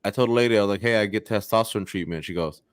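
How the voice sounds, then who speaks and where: A man's voice: on the low side, rapid-fire, smooth, no room sound. A man co-hosting a comedy podcast, casually chatting and telling a crude bar joke with swearing and acted-out voices. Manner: storytelling, swearing, acts out voices in jokes. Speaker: podcast co-host.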